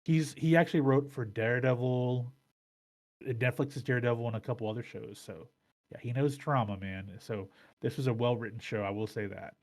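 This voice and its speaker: A man's voice: mid-range voice, a little fast, darkish tone. A man hosts a casual podcast, talking through his thoughts in long rambling runs. He restarts sentences often and swears freely. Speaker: podcast host.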